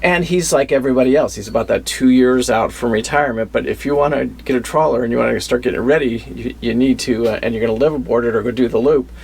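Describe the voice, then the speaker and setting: Gravelly-voiced man rambling through a story. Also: mid-range voice, quick pace, few pauses. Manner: rambling, with many fillers and restarts. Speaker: vlogger. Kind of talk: casual storytelling vlog.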